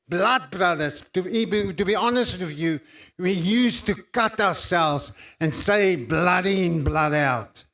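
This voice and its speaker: A South African man preaching to a congregation, telling his own story in a slow, deliberate way. His voice sits high for a man and he leans on long, intense pauses. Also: fairly bright tone. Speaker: preacher giving testimony. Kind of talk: sermon with personal testimony.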